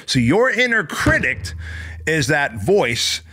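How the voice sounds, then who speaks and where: A man's voice: a little high, big pitch swings, slow, sharp tone, slightly rough. Blunt, profane male motivational host. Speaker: podcast host. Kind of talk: motivational monologue.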